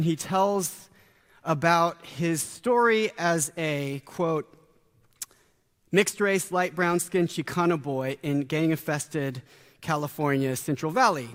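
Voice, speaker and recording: A man preaching in a large, echoing church hall, his voice a little higher than most men's. He talks conversationally, dropping into dramatic pauses and acting out quoted voices. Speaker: pastor. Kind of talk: sermon. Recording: long hall reverb.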